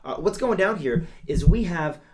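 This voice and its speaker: A man's voice: sits high, expressive, normal speed, darkish tone. A man hosting a comedic news show, playful and gushing as he talks straight to his audience.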